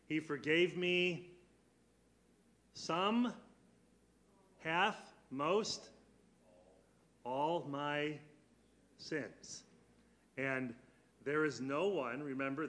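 A man's voice: a little high, a bit bright. Earnest man teaching a Bible class. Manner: earnest, asks the class questions and slows down on key words.

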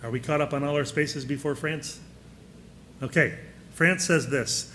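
A man's voice: on the high side, expressive, moderate pace, a bit bright, slight background noise. Man preaching a conversational sermon. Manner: conversational, asks the listeners questions.

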